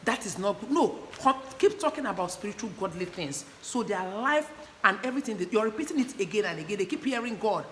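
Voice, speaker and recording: A woman's voice: mid-range voice, animated, brisk, fairly bright tone. A woman teaching parents in an earnest, repetitive way, often asking her listeners whether they understand. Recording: echoey room with faint background noise.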